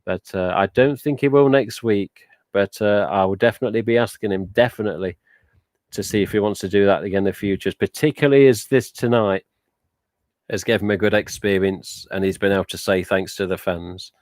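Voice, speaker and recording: Man, live-stream host, rambling casual chat, lowish voice, dry sound. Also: brisk, a little mellow, no room sound. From England. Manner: chatty and rambling, with frequent "uh" and "but yeah".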